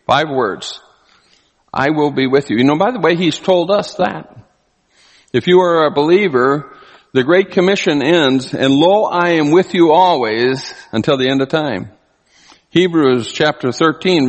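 A man preaching a sermon, animated, often acting out the people he quotes. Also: fairly high pitch. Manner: animated, acts out quoted voices. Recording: long hall reverb.

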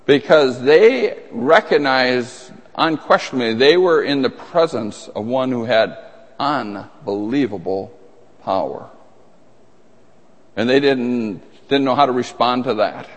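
A man preaching a sermon in a conversational, emphatic way, with asides and restarts. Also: medium pitch. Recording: long reverb of a large hall.

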